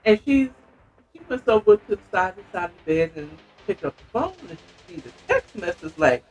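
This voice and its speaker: A woman's voice: mid-range voice, sing-song, brisk, slight background noise. A woman hosting a podcast who casually retells a book's plot with rambling asides. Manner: chatty, rambling, with frequent asides. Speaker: podcast host reviewing a book. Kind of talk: casual storytelling recap.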